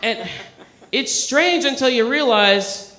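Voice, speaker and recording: Man, stand-up comedian, high voice, conversational, deadpan asides, echoey club. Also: slow pace, noisy background. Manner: conversational, self-deprecating delivery with deadpan asides. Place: comedy club stage with a live audience.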